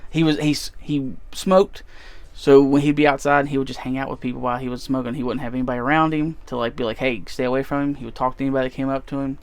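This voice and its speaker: A fast-talking man with a steady, medium-pitched voice walks viewers through his convention haul in a casual, rambling vlog. He uses many fillers, and there's no room sound.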